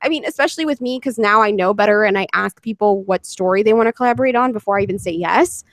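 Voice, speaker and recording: A woman's voice: medium pitch, fast talker, a bit bright, no echo. A woman hosting a casual group chat on a livestream, chatty and giggly, often apologizing as she reads the chat. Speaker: host.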